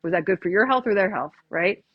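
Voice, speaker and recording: A woman's voice: medium pitch, expressive, fast, no echo, lo-fi sound. A woman chiropractor leading a live stress workshop, chatty and upbeat, counting the group through breathing. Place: small room with a live audience.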